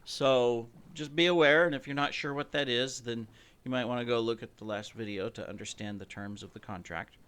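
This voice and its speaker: A man with a mid-range, slightly bright, clean-toned voice hosts his own gameplay channel, talking a little fast. He rambles casually with playful, self-mocking boasts about his show, sounding slightly out of breath and coughing.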